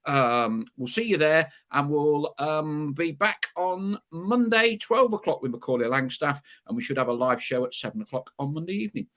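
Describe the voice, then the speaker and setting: A man's voice: on the high side, moderate pace, hardly any pauses, fairly bright tone. A man hosting a podcast, chatting casually and signing off the show. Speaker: podcast host. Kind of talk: casual chat and sign-off.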